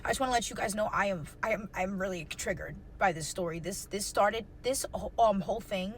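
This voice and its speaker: A woman's voice: mid-range voice, slight background noise. A young woman telling a personal story in a casual storytime, raw and emotional, swearing heavily and repeating herself. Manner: fast, repeating phrases, slangy.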